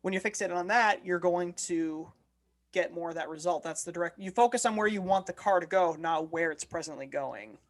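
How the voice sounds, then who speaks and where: A man's voice: high-pitched, brisk. A man co-hosting a casual podcast chat who jokes and teases, then explains his ideas earnestly. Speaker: podcast co-host.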